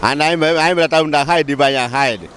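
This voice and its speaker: Fast-talking young man. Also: fairly high pitch, fairly bright tone. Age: young adult. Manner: halting, switching between languages. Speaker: interviewee. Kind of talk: street interview answer.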